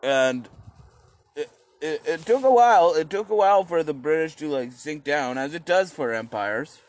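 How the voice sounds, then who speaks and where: A man telling history as a rambling, profane comic monologue, acting out quoted voices with sudden high shouts. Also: animated, normal speed, no echo.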